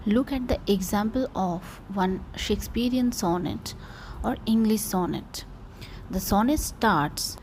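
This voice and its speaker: A woman explaining a literature lesson in a voice-over, measured and step by step. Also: mid-range voice, a little mellow, a little hiss or hum, low-quality recording. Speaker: teacher.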